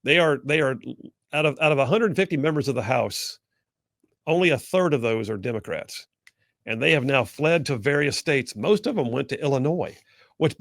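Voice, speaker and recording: A man's voice: on the high side, a bit bright, no room sound, studio quality. A man hosting a political talk show, delivering sarcastic commentary and mocking opponents in whiny put-on voices.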